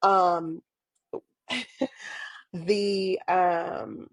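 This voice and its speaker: Woman, podcast guest, unhurried delivery, casual and earnest, frequent ums and light laughs. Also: on the low side, fairly even intonation, dry recording. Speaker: podcast guest, parent advocate. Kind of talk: casual interview conversation.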